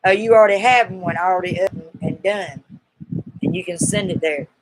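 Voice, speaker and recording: A woman's voice: fairly low pitch, normal speed, no echo, poor audio. Chatty Southern woman hosting a live stream. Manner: chatty, teasing and coaxing, folksy. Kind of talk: casual live-stream Q&A chat.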